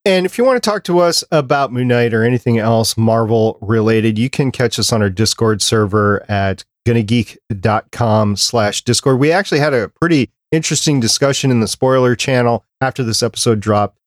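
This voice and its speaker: A man's voice: mid-range voice, normal speed, hardly any pauses, no echo, clean studio sound. A man hosting a casual fan podcast, chatting with enthusiasm and wrapping up the show. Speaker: podcast host.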